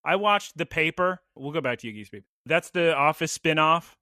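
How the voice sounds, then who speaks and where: A man co-hosting a podcast, chatting casually with quick jokes and asides. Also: on the high side, dry recording, studio quality. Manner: animated, jokey, quick asides. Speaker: podcast co-host. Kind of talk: casual chat.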